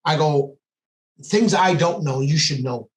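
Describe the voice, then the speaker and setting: A man's voice: a little high, a little slow. A man, a police sergeant on a podcast, telling a story intensely and acting out what people said. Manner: intense, quotes dialogue as he tells it. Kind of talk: casual storytelling. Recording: echoey room.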